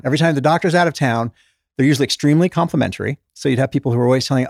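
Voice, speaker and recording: Rapid-fire and marked by vocal fry, this mid-range male voice belongs to a middle-aged former doctor and author interviewed as a guest. He tells his stories conversationally, animatedly voicing the patients he quotes. The recording is studio quality, without echo.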